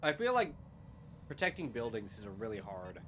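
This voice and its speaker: A man's voice: on the low side, huge pitch swings, normal speed, a bit bright, a little hiss or hum. A man streaming a mech strategy game, chatting casually and riffing on puns and chat messages, sometimes talking with food in his mouth. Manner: rambling wordplay, reads chat aloud in silly voices. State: eating while talking. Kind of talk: casual joking chat over gameplay.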